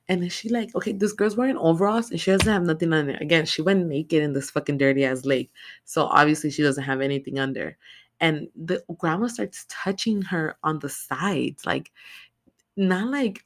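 Animated, foul-mouthed woman recapping a film. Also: sits low, moderate pace, gravelly. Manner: animated, heavy swearing, lots of "like" fillers. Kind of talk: casual profane movie recap.

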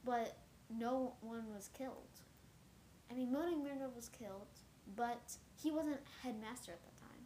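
Young woman, fairly high voice, teasing, echoey room, faint noise. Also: normal speed, mellow. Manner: teasing, giggly. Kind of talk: casual chat.

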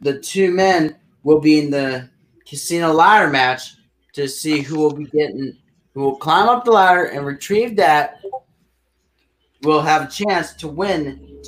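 A man co-hosting a casual wrestling podcast, recapping matches in a slow, rambling way with sudden loud outbursts. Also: fairly high pitch. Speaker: podcast co-host.

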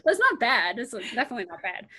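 A young American woman in casual conversation, talking in halting stretches full of fillers and restarts. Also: a little high, big pitch swings, bright, forceful tone, breathy edge. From United States. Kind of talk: casual chat.

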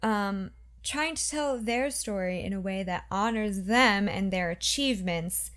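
A woman's voice: medium pitch, a little slow, a bit bright. A woman co-hosting a podcast in casual chat, rambling a little with fillers and restarts. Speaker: podcast co-host.

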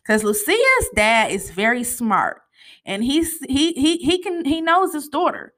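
A woman's voice: high-pitched, unhurried. Chatty woman recapping a TV episode. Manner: chatty and animated, peppered with "you know" and "honey". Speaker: TV show recap host.

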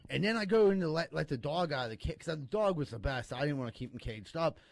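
A man's voice: a little high, expressive, quick pace, gravelly. A man, a comedian, telling a rambling, profane story in casual podcast talk and acting out the voices of the people in it. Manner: swearing, rambling, acts out voices in his story.

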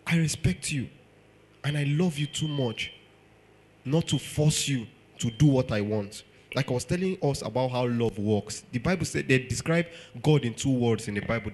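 A man's voice: medium pitch, darkish tone. A man with a Nigerian accent preaching a sermon, firing off rhetorical questions and acting out quotes.

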